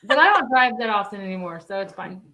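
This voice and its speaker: A woman's voice: mid-range voice, lively intonation, quick pace, pushed and bright, rough recording. A woman co-hosting a casual podcast, telling candid, chatty stories. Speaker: podcast co-host. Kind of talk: casual chat.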